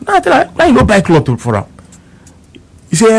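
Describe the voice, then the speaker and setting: Fast-talking Nigerian Pidgin man on radio. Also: high-pitched, huge pitch swings, gravelly, husky. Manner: emphatic, repeats words, quotes both sides of an argument. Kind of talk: animated storytelling on radio.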